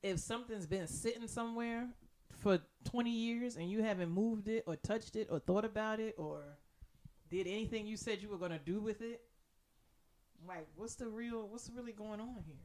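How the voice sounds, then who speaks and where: A woman's voice: medium pitch, moderate pace. A woman co-hosting a podcast in casual chat, telling stories with lots of swearing and acting out what other people said. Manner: animated storytelling, acts out voices, swears freely. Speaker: podcast co-host.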